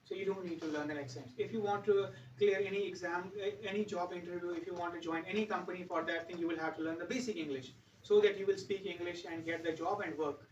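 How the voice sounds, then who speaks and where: A man's voice: sits high, fairly even intonation, fast, a little hiss or hum. An Indian man teaching spoken English to a class, earnest and repeating his points to explain them. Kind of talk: classroom speaking lesson. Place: classroom with podium. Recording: roomy, dull, distant classroom sound.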